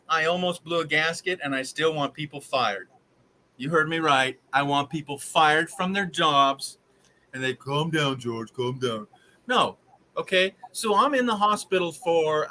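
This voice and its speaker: A man tells a long story to his live viewers, rambling and exasperated. His voice sits a little high and sounds bright and tense. Faint noise hums under it. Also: poor audio. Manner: rambling, exasperated, animated retelling. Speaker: live stream host.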